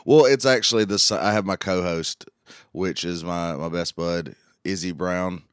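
A man's voice: deep voice, moderate pace, clear, resonant tone, no echo, studio quality. A man guesting on a casual comedy podcast, joking, laughing often and swearing freely.

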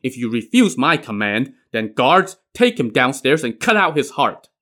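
A cruel, careless tyrant king, as a male storyteller puts him on. He waves things away in an offhand, dismissive manner, in a mid-pitched voice. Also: big pitch swings, moderate pace, sharp tone. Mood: commanding.

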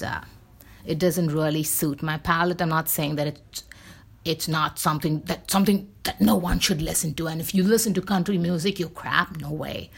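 A woman with a husky, slightly low voice talks off the cuff, airing her opinions bluntly. She rambles, restarts her sentences and leans on plenty of fillers as she goes. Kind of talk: casual opinion monologue.

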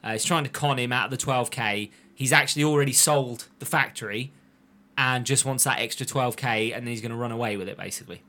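A man tells the story of an episode to his friends, animated and quick to mimic characters. His voice has a bright, clear edge. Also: mid-range voice. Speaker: podcast host recapping an anime. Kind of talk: casual chat.

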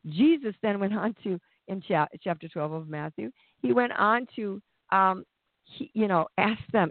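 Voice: medium pitch, lively intonation, a little slow, dry recording. Preacher, conversational sermon, plain-spoken, restarts, tinny phone-like sound, dry.

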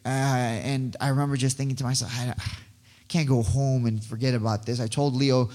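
A man giving a rambling, excitable personal testimony as a guest speaker, often stumbling and restarting his words. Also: medium pitch, a little fast. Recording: long hall reverb.

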